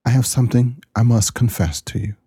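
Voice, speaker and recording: A man voicing a frail dying woman in a told joke, speaking weakly and hushed. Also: mid-range voice, steady tone, brisk, no echo, clean studio sound, voice pushed up. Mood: faint confessing. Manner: weak, breathy, hushed.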